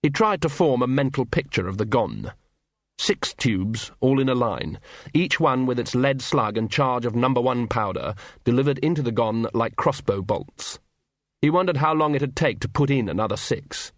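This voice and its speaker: A man narrating an audiobook in a wry, measured storytelling manner. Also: medium pitch, expressive, no echo, clean studio sound. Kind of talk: scripted narration.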